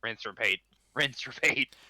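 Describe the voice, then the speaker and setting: A man co-hosting a game video, trading relaxed, profane banter with a friend. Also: mid-range voice, a little slow, dry recording. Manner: swears freely, laid-back banter. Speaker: let's play co-host. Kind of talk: casual chat over gameplay.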